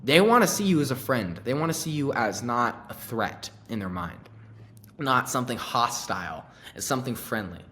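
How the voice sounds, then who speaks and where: A man coaching sales calls in a laid-back, slangy way, swearing and acting out pitch lines. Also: animated, moderate pace, pushed and bright. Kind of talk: casual teaching on sales calls.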